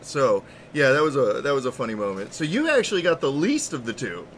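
A man co-hosting a podcast, telling a story in casual, profane, animated chat. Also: medium pitch, fairly quick, a little hiss or hum. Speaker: podcast co-host.

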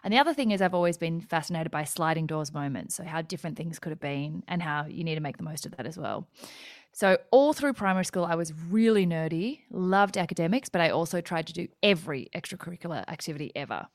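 Brief: talkative Australian woman guest, thirties, low-ish voice, dry close sound. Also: animated, quick pace, no room sound. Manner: talkative, goes off on tangents. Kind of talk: casual interview chat.

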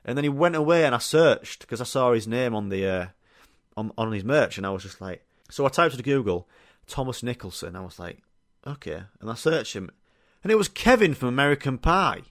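A Yorkshire man in mid-pitch hosts a podcast, rambling through anecdotes with plenty of fillers and casual swearing. His voice is close and dry, with no room sound. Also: big pitch swings, fairly quick, no echo. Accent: Yorkshire English. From Yorkshire, England. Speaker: podcast host. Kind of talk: casual storytelling chat.

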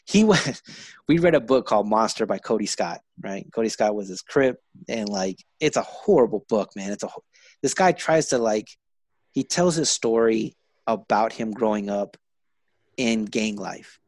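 A man telling stories in a loose, casual chat. He is profane and animated and keeps jumping into other people's voices. The room sounds dry and close. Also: fairly low pitch, moderate pace, no echo. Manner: profane, animated, acts out quotes.

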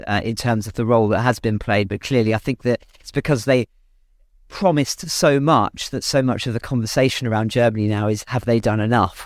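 A man's voice: fairly low pitch, no room sound. Man co-presenter for news analysis, hesitant, lots of self-corrections, dry close sound. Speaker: podcast co-presenter.

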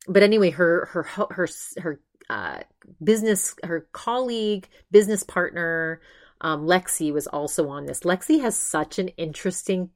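A woman hosting her own podcast, talking casually and rambling, with many restarts as she retells what others said. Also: lowish voice. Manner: chatty, rambling with frequent restarts and "she's like" retellings. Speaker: podcast host. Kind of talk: casual monologue review.

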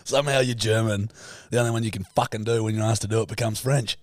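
A man's voice: lowish voice, steady tone, quick pace, no echo, clean studio sound. A man co-hosting a podcast, teasing his co-host and setting up comic bits with swearing. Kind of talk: casual chat.

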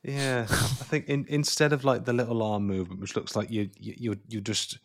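A man's voice: mid-range voice, flat delivery, normal speed. A man hosting a film podcast in casual chat, full of crude joking banter. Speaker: podcast host.

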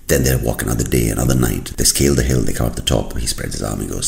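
A man's voice: a bass voice, quick pace, vocal fry, hardly any pauses. A man from India, a native Kannada speaker, hosting a comedic podcast monologue with crude asides. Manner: animated storytelling with crude asides. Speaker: podcast host. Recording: echoey room.

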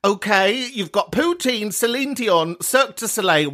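A man's voice: high-pitched, lively intonation, a little slow, bright, forceful tone. A British man hosting a comic call-in podcast, camp and teasing, who swears freely and laughs often. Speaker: podcast host.

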